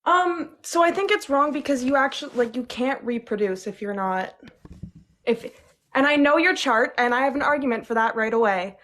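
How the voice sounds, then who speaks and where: A woman's voice: high-pitched, expressive, normal speed, a bit bright. A nineteen-year-old woman calling into a live debate, arguing hesitantly with many fillers. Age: young adult. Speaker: caller. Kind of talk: casual debate.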